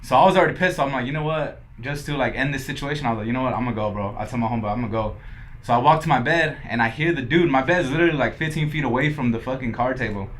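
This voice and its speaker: A man's voice: medium pitch, racing, a bit bright. A young man from Los Angeles, a podcast guest who tells his story casually, swearing often and acting out what others said. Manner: laid-back, swears a lot, quotes others in dialogue.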